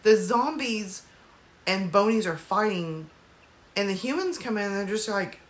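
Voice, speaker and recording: A woman's voice: mid-range voice, expressive, unhurried. A woman casually recapping a movie's plot at home, rambling with lots of fillers and apologetic asides. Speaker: movie reviewer.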